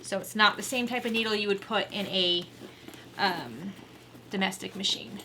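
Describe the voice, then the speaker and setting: A woman's voice: mid-range voice, normal speed, noisy background. A woman hosting a casual sewing vlog, chatty and gushing, talking fondly to her sewing machine. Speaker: sewing vlogger.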